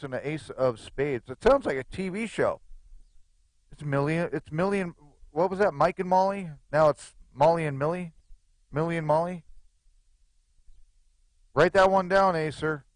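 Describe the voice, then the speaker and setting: A man's voice: a little high, dry recording. A man giving live, chatty play-by-play commentary on a poker game, with joking asides.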